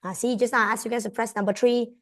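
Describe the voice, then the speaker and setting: Malaysian lady tutor, high voice, mixes english n malay, keeps checking if students get it. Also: fairly even intonation, fast talker. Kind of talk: online exam revision class.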